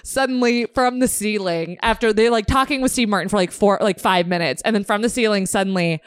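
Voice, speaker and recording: A woman's voice: medium pitch, a little fast, smooth, dry recording, studio quality. A woman chatting casually as a podcast co-host, full of fillers and restarts and laughing as she tells a story. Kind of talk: casual chat.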